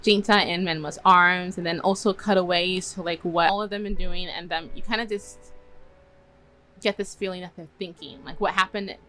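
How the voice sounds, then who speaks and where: A woman's voice: on the low side, fairly even intonation, moderate pace, pushed and bright, poor audio. A young woman casually retelling and reworking story scenes, chatty and laughing often as she acts out bits of dialogue. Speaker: story reviewer.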